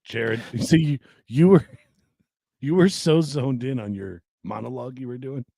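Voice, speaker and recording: Giggly man with a husky, mellow voice. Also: medium pitch, normal speed, no echo. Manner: giggly, teasing. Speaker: podcast co-host. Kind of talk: casual live-stream chat.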